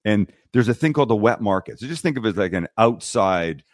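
Speaking fast with a voice on the low side, this middle-aged TV and YouTube cooking host is a guest in a casual interview in a podcast studio. A studio microphone gives studio quality with no echo, and he's a blunt, animated storyteller who acts out what the people in his stories said.

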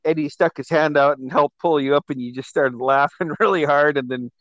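A man's voice: a little high, brisk, no room sound, highs cut off. A man telling rowdy party stories in a casual chat, swearing freely and laughing as he goes. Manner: profane, animated storytelling with laughter. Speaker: host.

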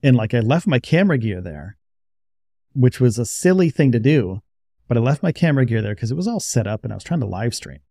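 A man's voice: mid-range voice, big pitch swings, brisk, creaky, dark tone, dry recording, studio quality. A man telling a rambling, casual story to his viewers, full of restarts and asides. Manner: rambling, conversational, many restarts. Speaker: YouTuber. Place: outdoors by a roadside.

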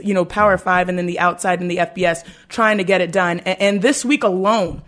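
Laughing chatty woman sports radio host. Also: medium pitch.

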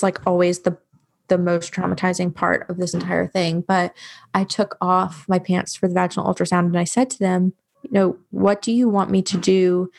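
A woman who works as a bereavement doula appears as a guest on an interview podcast, recounting a difficult personal story frankly and matter-of-factly. Her voice sits on the low side with vocal fry, and she uses a lot of fillers.

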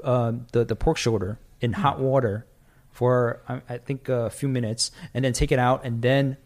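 A man co-hosting a podcast in casual chat, laughing easily and explaining food in a relaxed way. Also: medium pitch, normal speed. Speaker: podcast co-host.

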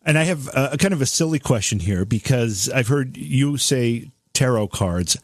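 A man's voice: mid-range voice, animated, normal speed. A man hosts a call-in radio program, courteous and lightly joking with guests and callers. His voice is recorded close and dry, with no room echo. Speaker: radio host. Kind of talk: call-in show hosting.

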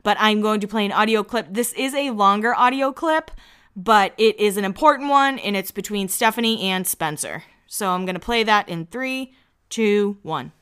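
A woman with a smooth, resonant voice and a middle pitch, talking casually through a recap. She is chatty and amused and often slips in quick asides. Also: a bit bright. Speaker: podcast host recapping a reality show.

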